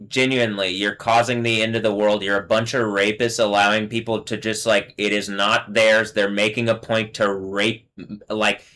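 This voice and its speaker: A man's voice: fairly low pitch, pushed and bright. A man hosting a solo livestream, ranting bitterly and profanely, often trailing off and restarting mid-sentence. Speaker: livestream host.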